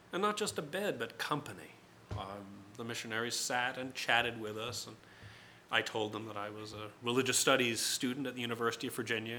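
Bright-voiced man telling a rambling story. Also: mid-range voice, a little hiss or hum. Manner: conversational, digressive, with many fillers. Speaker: writer. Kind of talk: personal storytelling talk.

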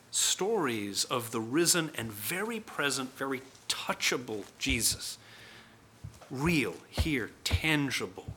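A man's voice: medium pitch, pushed and bright, a little hiss or hum. A man preaching a sermon in a conversational way, acting out voices in the stories he tells. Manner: conversational, acts out quoted voices.

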